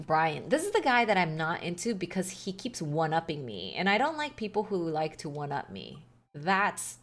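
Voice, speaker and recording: Woman streamer, lowish lively voice, casual game commentary. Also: normal speed. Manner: chatty, reads game text aloud with wry asides.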